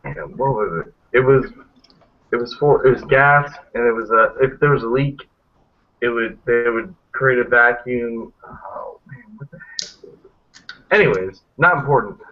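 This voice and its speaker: Hosting a casual group video chat, a man with a medium-pitched voice talks at a moderate pace. He rambles, speaks bluntly and swears freely, and the video-call audio sounds tinny, like a phone.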